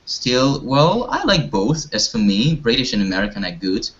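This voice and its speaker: A man's voice: mid-range voice, very animated, normal speed, fairly bright tone. A man teaching an online English class, talking hesitantly with many fillers and restarts. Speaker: language teacher. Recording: dull lo-fi audio.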